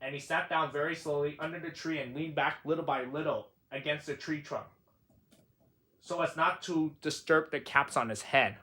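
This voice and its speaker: A man's voice: on the high side, moderate pace, sharp tone, slightly rough. A man reading a children's picture book aloud in a sing-song, playful storytelling manner. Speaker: storybook reader.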